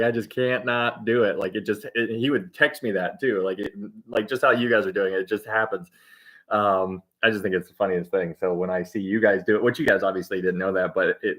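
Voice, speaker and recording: A man's voice: lowish voice, fairly bright tone. Chatty man greeting livestream viewers. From Ohio, United States. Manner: upbeat and chatty, reads out comments and thanks viewers, laughs often. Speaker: livestream host of a Bible teaching. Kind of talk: casual chat greeting live viewers.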